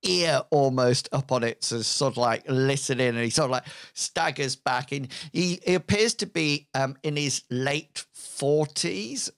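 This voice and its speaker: Man, game master, slow unhurried narration, lots of ums, mid pitch. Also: creaky, a bit bright. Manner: slow, halting narration with many fillers.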